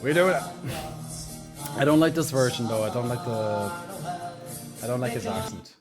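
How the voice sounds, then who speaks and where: A man's voice: medium pitch, lively intonation, moderate pace, music in the background. A man streaming live, chatting casually in a joking, rambling way and swearing freely.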